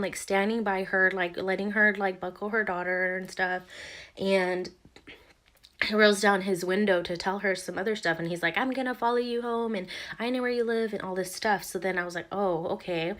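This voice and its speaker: A young woman vlogger's medium-pitched, fairly bright voice carries a rambling account of a tense morning. Fillers, restarts, and many "like"s run through her casual storytelling.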